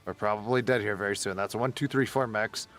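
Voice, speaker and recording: A man's voice: on the low side, steady tone, fast talker, a bit bright, faint music behind. A man giving casual running commentary while playing a survival game, muttering and swearing under his breath as he sneaks along. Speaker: gaming streamer.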